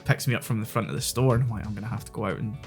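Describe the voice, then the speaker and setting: A man's voice: fairly low pitch, rapid-fire, faint music behind. A man with a Scottish accent, a podcast host, animatedly retelling a story in casual chat, full of quoted dialogue and swearing. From Scotland.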